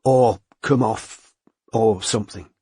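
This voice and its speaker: A man voicing a remorseful adult man who talks low and mutters. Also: slow, mellow, slightly rough, no room sound, clean studio sound, heavily acted. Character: remorseful adult man, police detective boyfriend.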